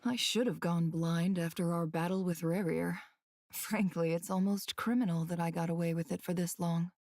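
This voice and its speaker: An actress voicing a sharp-minded female leader in a game, analytical and dryly witty. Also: lowish voice, steady tone, normal speed, no echo, clean studio sound, natural voice. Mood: resolute.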